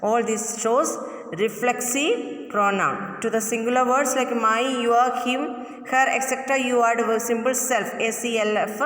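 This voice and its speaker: A woman teacher giving a grammar lesson, repeating each example sentence slowly. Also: fairly high pitch, steady tone, fairly bright tone. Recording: echoey room with long reverb.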